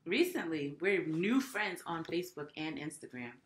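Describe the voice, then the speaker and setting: A woman chatting as a podcast guest, laughing often and tossing in quick wry remarks. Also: sits low, animated, roomy sound. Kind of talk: casual chat.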